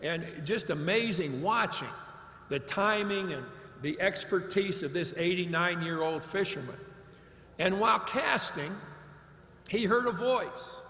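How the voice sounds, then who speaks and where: A man's voice: high voice, animated, measured pace, sharp tone. A man from Ohio giving a commencement address, a blunt and emphatic storyteller. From Ohio, United States. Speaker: commencement speaker. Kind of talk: commencement address with folksy anecdotes. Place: large hall at a graduation ceremony. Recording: echoey large hall with long reverb.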